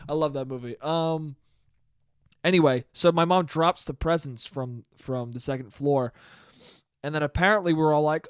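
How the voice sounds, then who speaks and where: A man's voice: fairly high pitch, steady tone, brisk, clear, resonant tone, no room sound. Young man rambling and swearing, dry mic. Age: 20s. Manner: rambling, swears freely, laughs at own stories. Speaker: podcast host. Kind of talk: casual solo podcast monologue.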